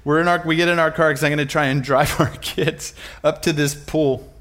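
A man's voice: a little high, fairly even intonation, a little fast, fairly bright tone. A middle-aged man preaching, telling a family story with self-mocking humor and often breaking into laughter.

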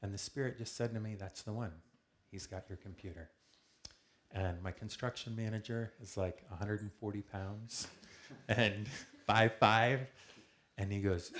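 A man telling a personal story to a small group in a calm, earnest way, acting out the lines of the people in it. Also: lowish voice, moderate pace. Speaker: speaker sharing a testimony with a group.

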